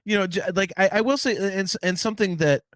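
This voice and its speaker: A man's voice: high voice, fast talker, fairly bright tone, no room sound. Rambling man hosting a podcast. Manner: rambling, many restarts and "you know"s. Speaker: podcast host. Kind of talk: casual podcast chat.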